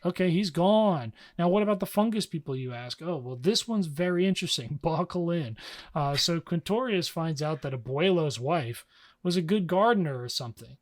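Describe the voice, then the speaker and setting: A young man co-hosting a podcast, recapping a story in a casual, slangy way and slipping into quick character voices. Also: fairly high pitch, expressive. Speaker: podcast co-host.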